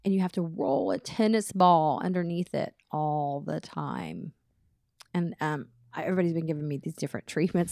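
A middle-aged woman co-hosting a podcast in a studio, chatting casually and telling animated stories. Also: low voice, normal speed, gravelly, no echo. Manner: chatty storyteller, animated retelling with quoted voices. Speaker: podcast co-host. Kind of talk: casual chat.

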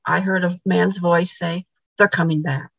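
A woman's voice: fairly low pitch, little pitch movement, measured pace, creaky, fairly bright tone, breathy edge, dry recording, poor audio. A woman, a podcast guest, telling a paranormal story in casual conversation, repeating words and acting out the dialogue.

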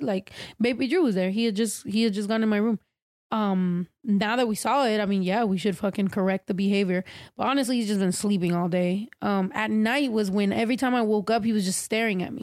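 A young woman co-hosting a podcast, chatty and expressive, swearing and laughing easily. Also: mid-range voice, no echo, studio quality. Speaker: podcast co-host. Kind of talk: casual chat.

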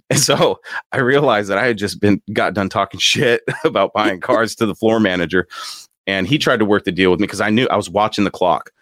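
Male host, very deep voice, dry close sound, animated storyteller who laughs a lot. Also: dry recording. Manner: animated, acts out quotes with laughs. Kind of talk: casual storytelling.

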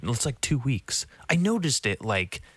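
A young man rambling loosely to the camera, swearing freely and poking fun at himself as he drifts from one topic to the next. His voice sits at an ordinary pitch, and the recording is dry and close, with no room around it. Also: sing-song, measured pace, a bit bright, breathy edge, no room sound. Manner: rambling, profane, self-mocking, jumps between topics; mocks panicked voices in a high squeak. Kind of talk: casual vlog monologue.

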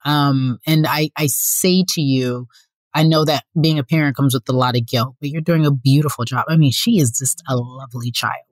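Woman host, low voice, pushy and emphatic, dry close sound. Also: steady tone, normal speed, no room sound. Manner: emphatic and insistent. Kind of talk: warm conversational interview.

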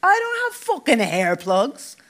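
A man's voice: on the high side, sing-song, a little fast, a bit bright. A man voicing a touchy, stocky young Irish man who swears and bristles when teased. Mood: indignant. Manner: indignant, sweary, defensive.

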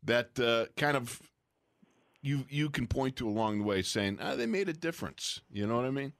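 A man hosting a casual sports chat, speaking in a reflective way with drawn-out phrasing. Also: mid-range voice, dry recording. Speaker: host.

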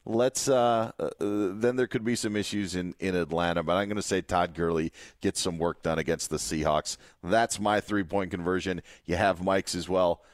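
A man's voice: sits low, steady tone, normal speed, few pauses, no echo, studio quality. A man from Wisconsin co-hosting a casual sports podcast, joking and wrapping up the show. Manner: jokey, wraps up the show. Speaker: podcast co-host.

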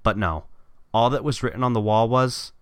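This podcast co-host has a clear, resonant, mid-range voice and speaks at a moderate pace. Reading out a short story he wrote, he pokes fun at it and laughs at his own expense.

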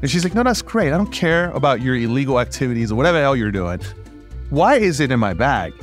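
A man, a podcast guest, telling stories casually in an animated way, laughing and acting out dialogue. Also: mid-range voice, fast, soft background music. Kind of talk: casual storytelling.

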